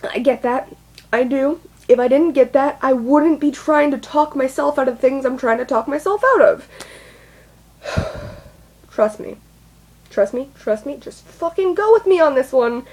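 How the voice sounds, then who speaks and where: A woman's voice: high voice, animated, measured pace, darkish tone. A young woman vlogging a confessional monologue, rambling, swearing and putting herself down with nervous laughs. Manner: rambling, profane, self-deprecating, with nervous laughs.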